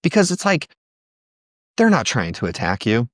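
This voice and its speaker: A man's voice: medium pitch, normal speed, dry recording, clean studio sound. A man as a podcast guest, talking with passion and often quoting other people. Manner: passionate, animated, quotes others in voices. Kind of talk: conversational podcast interview.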